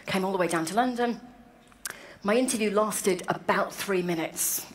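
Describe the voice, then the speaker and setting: A woman's voice: medium pitch, normal speed. A woman in her forties giving a wry, self-deprecating anecdotal speech to a meeting. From Wales. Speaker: speaker at an annual meeting. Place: large hall, to an audience. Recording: echoey hall with faint room noise.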